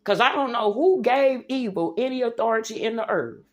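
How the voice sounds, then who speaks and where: A woman's voice: fairly high pitch, expressive, moderate pace. A woman livestreaming an impassioned religious rant, preachy and emphatic, calling her viewers y'all and baby.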